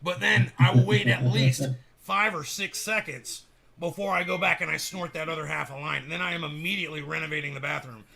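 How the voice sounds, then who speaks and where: A man doing an impression of a blustering male conspiracy talk-show host who booms through supplement sales pitches. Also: brisk, creaky, sharp tone, a little hiss or hum. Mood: blustery. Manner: booming sales-pitch bravado.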